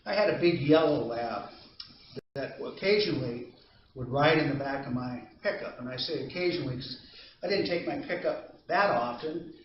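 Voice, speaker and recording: A man's voice: mid-range voice, a little hiss or hum. Man teaching anger training, echoey room. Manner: conversational storytelling, asks the audience questions. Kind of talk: training presentation to a live audience. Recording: distant echoey room recording, dull sound.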